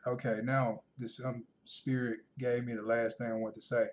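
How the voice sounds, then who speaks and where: A man ranting in a casual vlog monologue, rambling and repeating himself, growing loud and animated when he retells conversations. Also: mid-range voice, moderate pace. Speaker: vlogger.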